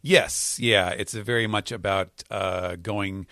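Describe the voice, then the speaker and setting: A man chats on a podcast in a fairly low voice, pausing often and restarting his sentences as he explains. The sound is dry and close, with no room around it. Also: fairly even intonation, bright, forceful tone, dry recording. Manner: hesitant, many fillers and restarts while explaining. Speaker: podcast host. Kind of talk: casual chat recapping comics.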